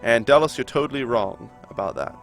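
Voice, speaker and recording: A man's voice: mid-range voice, animated, a little fast, faint music behind. A man streaming a game live, chatting casually and arguing with viewers in chat. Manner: chatty, argumentative, reading and answering chat.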